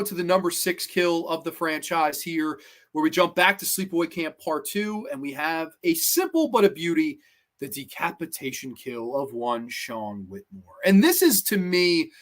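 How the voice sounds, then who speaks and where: Man, high voice, excitable horror movie fan, livestream review, rambling. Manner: enthusiastic, rambling fan talk.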